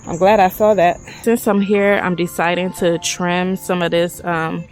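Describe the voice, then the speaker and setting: A woman chatting excitedly to her viewers as she walks through her backyard garden. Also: fairly low pitch, measured pace, low-quality recording. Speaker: garden vlogger. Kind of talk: casual garden vlog.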